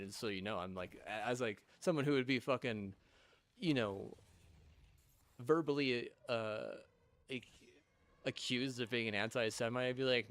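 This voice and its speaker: A man's voice: medium pitch, measured pace, fairly bright tone. A young man ranting in a rambling, profane way, full of fillers and restarts.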